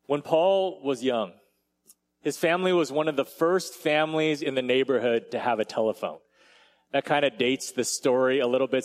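A pastor with a medium-pitched voice tells a story during a conversational sermon, keeping it casual and chatty with frequent asides to the congregation.

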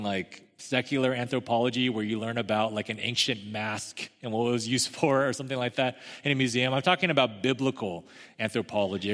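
A man's voice: medium pitch, a bit bright. A young adult man preaching a sermon to a congregation, speaking in a conversational, emphatic way with asides to the listeners. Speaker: pastor. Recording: long hall reverb.

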